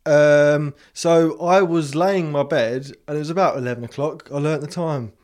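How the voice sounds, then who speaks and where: A young man tells a ghost story on a casual podcast. His voice sits a little high, and he jumps into the voices of his characters and laughs easily. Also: fairly even intonation, moderate pace, darkish tone. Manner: acts out voices in his stories, laughs often. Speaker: podcast co-host.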